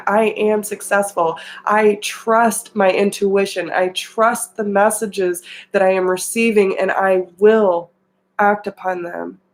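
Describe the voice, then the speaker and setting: A woman's voice: medium pitch, a little hiss or hum, poor audio. A woman giving an earnest, emotional tarot reading and talking straight to her viewers. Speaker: tarot reader.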